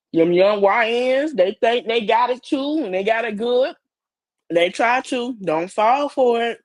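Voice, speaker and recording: A woman's voice: medium pitch, no echo. Blunt woman podcaster preaching to listeners. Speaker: podcast host. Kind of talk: casual chat.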